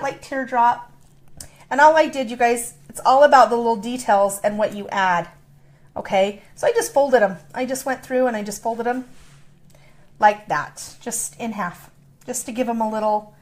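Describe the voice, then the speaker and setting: A middle-aged woman demonstrating a craft in a chatty, playful way, explaining each step. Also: on the high side. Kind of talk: casual craft tutorial.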